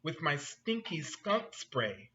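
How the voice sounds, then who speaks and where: Friendly, jumpy storybook skunk, read by a man, raised and bright. Dull lo-fi recording. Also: fairly high pitch, very animated, slow, exaggerated voice. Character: friendly male skunk, quick to get scared.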